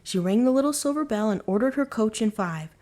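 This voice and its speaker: Calm woman reading a bedtime tale. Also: on the high side, fairly quick. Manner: calm, even storytelling. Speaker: storyteller.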